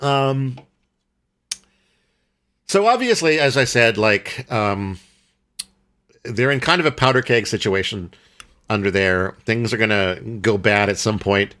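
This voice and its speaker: A man's voice: lowish voice, animated, a little slow, pauses often, fairly bright tone. A man co-hosting a podcast, recapping a film in casual chat and rambling through many fillers and restarts. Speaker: podcast co-host.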